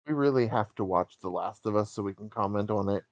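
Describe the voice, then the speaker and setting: A man's voice: fairly low pitch, fast talker. Teasing, argumentative male co-host. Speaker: podcast co-host. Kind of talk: casual podcast chat.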